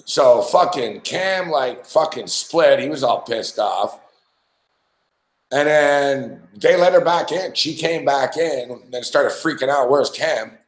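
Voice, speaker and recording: A sports talk host tells a long, loose story in a casual chat, speaking slowly with lively intonation in a mid-range voice. He swears freely, laughs a lot, and keeps circling back on himself, and the room sounds echoey.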